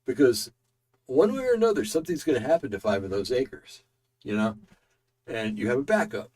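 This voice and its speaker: A man's voice: medium pitch, big pitch swings, a little fast, a little mellow. A man hosting casual political commentary, tired and yawning, rambling with many fillers and restarts.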